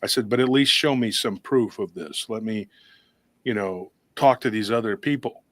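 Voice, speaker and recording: A man's voice: fairly low pitch, normal speed, a bit bright, no room sound. A man hosting a paranormal talk show, telling a long story in a rambling, casual way with many restarts and acted-out quotes. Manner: rambling, restarts often, acts out quoted voices.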